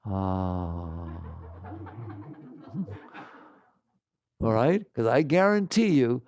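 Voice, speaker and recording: An older man giving an animated spiritual talk to an audience, asking rhetorical questions and acting out quoted voices. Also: mid-range voice, gravelly, no room sound, studio quality. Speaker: spiritual teacher.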